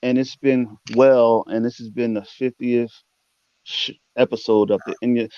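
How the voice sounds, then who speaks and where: A man's voice: mid-range voice, fairly even intonation, moderate pace, dark tone, clean tone, dull audio. A male show host, laid-back and laughing easily, often repeating "you know what I'm saying". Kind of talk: casual interview show.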